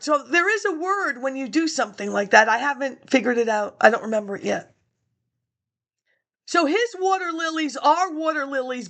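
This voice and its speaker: A high-pitched woman talks casually to her viewers in a loose, rambling monologue. She skips from one thought to the next and chuckles at her own remarks. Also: fairly bright tone. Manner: chatty, jumps between topics, chuckles to herself.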